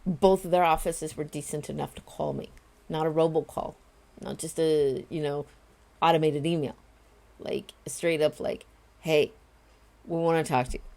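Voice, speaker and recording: Casting note: woman in her forties, vlogger, low mellow voice, earnest and emphatic, talking directly to camera. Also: fairly even intonation, normal speed, gravelly. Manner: emphatic, earnest, talks straight to viewers. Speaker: vlogger and home confinement advocate. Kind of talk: casual direct-to-camera vlog.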